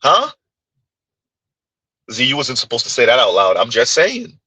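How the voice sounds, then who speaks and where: Brash, lively teasing male commentator. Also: mid-range voice, a little slow, husky, no echo, low-quality recording. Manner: brash, teasing, punchy asides. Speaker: commentary host. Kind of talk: reaction commentary.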